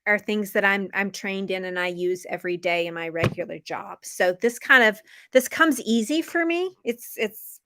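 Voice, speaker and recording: Friendly American woman teacher from the South, neutral accent, slow clear speech on a video call. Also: medium pitch, bright, forceful tone. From Memphis, Tennessee, US. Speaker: English teacher. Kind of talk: casual live-stream lesson chat.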